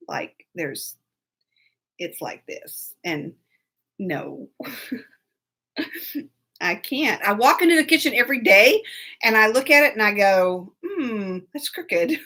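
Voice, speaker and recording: A woman's voice: mid-range voice, pushed and bright. A woman hosting a live show, chatting casually and rambling, laughing often and greeting viewers by name. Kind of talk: casual live-stream chat.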